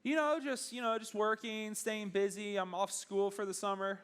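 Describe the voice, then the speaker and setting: A man's voice: high-pitched, flat delivery, a bit bright, clear, resonant tone. A young man, a youth pastor, giving a casual sermon to teenagers in a chatty way, often acting out bits of dialogue. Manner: conversational, acts out dialogue in quick bursts.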